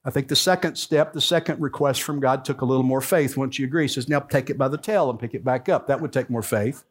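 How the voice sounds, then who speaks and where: A man's voice: medium pitch, quick pace, husky. A man in his sixties preaching a sermon, telling the story with acted-out dialogue and building to emphatic points. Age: 60s. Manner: storytelling preacher who acts out the dialogue, rising to emphatic peaks. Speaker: pastor.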